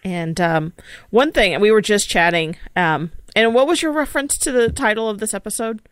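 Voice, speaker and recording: A woman's voice: mid-range voice, moderate pace, clear, resonant tone, no room sound. Chatty woman podcast host, dry close mic. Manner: chatty, many fillers and restarts. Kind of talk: casual podcast chat.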